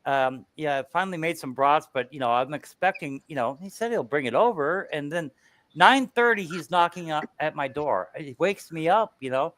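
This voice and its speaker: A man's voice: a little high, normal speed, fairly bright tone. A man telling a story in casual chat, laid-back and rambling, filling gaps with "you know".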